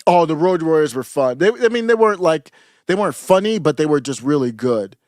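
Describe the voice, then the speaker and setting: A man with a slightly higher voice co-hosts a podcast in casual conversation. He rambles nostalgically, trailing off mid-thought and starting over. The recording is dry and close. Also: lively intonation, fairly quick, darkish tone, no echo. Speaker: podcast co-host. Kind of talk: casual chat.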